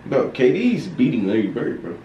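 A man's voice: medium pitch, huge pitch swings, moderate pace, mellow, highs cut off, slight background noise. Insistent young man, roomy echo. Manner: insistent, says "bro" constantly. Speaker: reaction video host. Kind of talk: casual argument with brother. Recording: echoey room, mic far off.

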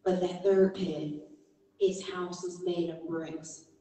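A woman preacher telling a story within a sermon, animated and emphatic. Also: fairly low pitch, takes it slowly. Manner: animated, emphatic, rising to exhortation. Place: church. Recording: echoey church hall from far off.

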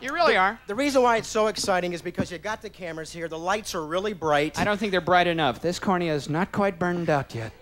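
A man's voice: sits high, expressive, fairly bright tone. A man in a comedy duo bantering playfully on a club stage. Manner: playful, quick banter between partners.

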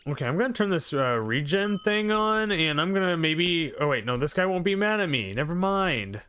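Excitable man narrating his gameplay. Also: on the high side, moderate pace, few pauses. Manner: excitable, frequent exclamations and mild swearing. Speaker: gaming video creator. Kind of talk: live gameplay commentary.

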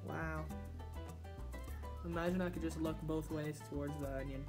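A woman vlogging in a casual, playful way, joking with her viewers and breaking into sudden loud exclamations. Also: deep voice, steady tone, normal speed, over music. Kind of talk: casual vlog chat.

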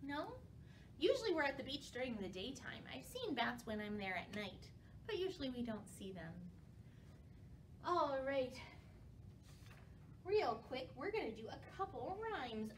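A woman children's librarian leading a storytime, talking to young kids in an animated, playful way. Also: on the high side, normal speed, noisy background. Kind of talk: children's storytime reading and rhymes. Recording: voice from a distance from the mic, faint ukulele. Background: faint ukulele.

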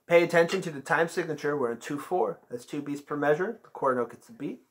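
A man's voice: on the high side, fast. A man teaching an online band lesson, patiently counting beats aloud and calling out note names.

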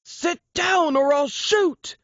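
Woman reading as a panicked young gunman, shouting high; audiobook excerpt. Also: takes it slowly, dry recording, muffled recording. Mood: frantic. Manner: shouting threats.

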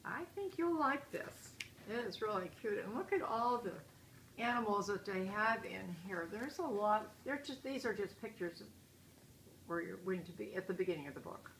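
A woman's voice: mid-range voice, animated, moderate pace, fairly bright tone, a little hiss or hum, rough recording. A woman reading a children's picture book aloud in a chatty way, stopping to point out the pictures. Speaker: storyteller.

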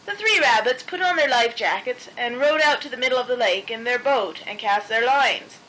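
A woman reading a children's picture book aloud in a gentle, expressive way. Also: fairly high pitch, moderate pace, a little hiss or hum, low-quality recording. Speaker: storybook narrator.

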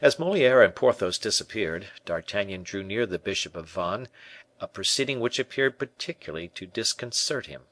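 A man narrating a classic adventure novel in an expressive audiobook reading. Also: on the low side, moderate pace, no echo. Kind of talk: scripted narration.

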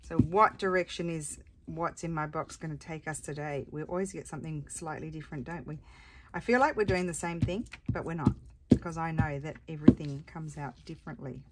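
A woman hosts a relaxed crafting video and talks to her viewers as she works. Her voice sits a little low, and she rambles cheerfully between tasks. Clear clicks and rustling can be heard behind her. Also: brisk, noisy background. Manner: chatty, rambling, talks to viewers while working. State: has the hiccups. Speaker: crafting channel host. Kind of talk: casual chat while crafting.

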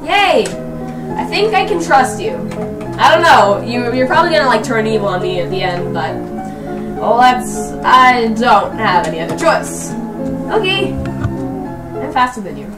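A woman's voice: fairly high pitch, sing-song, measured pace, long pauses. A woman voicing a cheerful young female toy horse playing a game, bubbly, giggly and playfully sarcastic. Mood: excited. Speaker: let's play player. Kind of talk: let's play commentary. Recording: roomy, distant mic, background music.

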